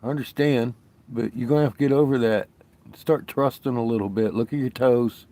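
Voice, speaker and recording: A man's voice: medium pitch, steady tone, brisk, warm tone. A man chatting casually on his vlog, telling stories with lots of swearing and laughter, acting out what others said. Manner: profane, laughing storyteller, quoting others. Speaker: vlogger. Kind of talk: casual chat.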